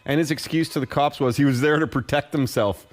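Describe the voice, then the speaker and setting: A man's voice: mid-range voice, fairly quick. A man co-hosting a radio show, skeptical and playful in casual banter. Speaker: radio co-host.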